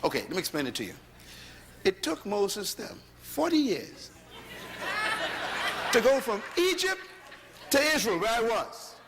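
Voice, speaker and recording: A man with a Bahamian accent preaching a sermon to a congregation, telling stories with rising shouts. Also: high voice, a little slow, long pauses, in a large hall, over a noisy crowd, very noisy. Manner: animated storytelling, rising to shouts. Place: large hall before a congregation.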